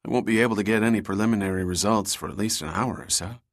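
A man narrating an audiobook voices Lisa, a female chemist who speaks in a quick, earnest way. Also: fairly low pitch, close to an everyday voice. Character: female chemist, eager but conscientious.

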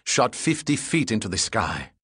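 A man's voice: fairly low pitch, big pitch swings, normal speed, a bit bright, husky, no echo, clean studio sound, full character voice. A man voicing a scornful, cunning male captor who mutters with contempt in a story reading. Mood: annoyed.

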